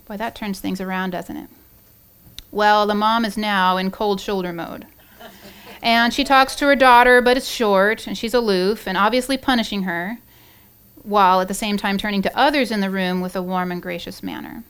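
A woman giving an earnest devotional Bible teaching, with many pauses, fillers and restarts. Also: mid-range voice, fairly even intonation, clean tone. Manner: earnest, warm-hearted, with frequent fillers and restarts.

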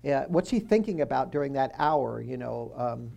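Gravelly man teaching scripture casually. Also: medium pitch, lively intonation, normal speed, warm tone. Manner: chatty, quizzes the listeners, joking asides. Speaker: Bible teacher. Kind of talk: conversational Bible teaching.

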